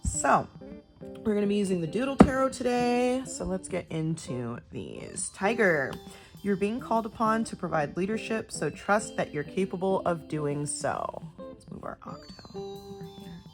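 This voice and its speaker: A young woman giving a casual, chatty tarot reading to camera, gushing and talking with lively swings in pitch. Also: normal speed, vocal fry. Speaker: tarot reader. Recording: soft guitar music behind.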